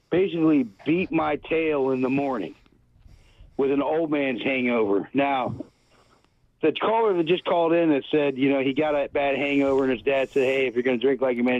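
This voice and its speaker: A man's voice: fairly high pitch, no room sound. Male caller, loose and rambling after many beers, phone-line sound. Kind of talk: casual phone-in beer review.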